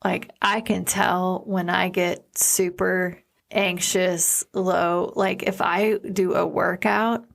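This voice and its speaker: A woman co-hosting a podcast with her husband, talking things over in a casual, earnest way. Her voice sits low and carries a steady gravelly fry. She reflects as she talks and often pauses to find the right words. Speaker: podcast co-host. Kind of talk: casual chat.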